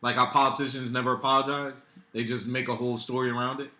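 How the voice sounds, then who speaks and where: A man co-hosting a podcast in casual chat, talking in an emphatic, slangy, animated way. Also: mid-range voice, fast talker. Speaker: podcast co-host. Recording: roomy echo.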